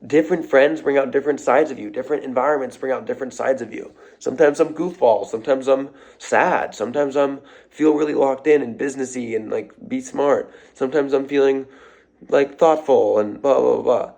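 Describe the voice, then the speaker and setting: Man, gravelly, mid-pitched, blunt, profane, repetitive, motivational vlog rant. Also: brisk, a little mellow. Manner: blunt, profane, repeats phrases for emphasis. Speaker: social media creator.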